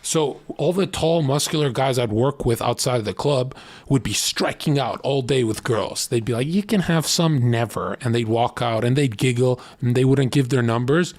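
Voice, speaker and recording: A man's voice: medium pitch, normal speed, dry recording. Blunt, profane man streamer. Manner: blunt, profane, animated storytelling. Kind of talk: casual dating advice rant.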